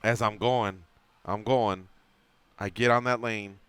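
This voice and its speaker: A man's voice: on the low side, slow, smooth, no room sound. A man hosting a radio show, telling a long anecdote in casual chat and acting out the quotes. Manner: animated storyteller acting out quotes. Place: radio studio.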